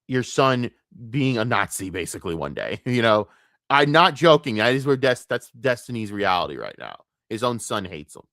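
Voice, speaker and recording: A man's voice: lowish voice, fairly bright tone, no room sound, studio quality. Profane, exasperated male streamer ranting. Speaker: commentary streamer.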